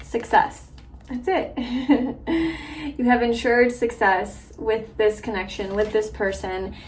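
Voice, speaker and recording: A woman's voice: fairly high pitch, flat delivery, slow, slight background noise. A young woman giving a casual tarot reading to a viewer, chatty and full of filler words. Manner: chatty, warm-hearted, lots of filler likes and ums. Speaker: tarot reader.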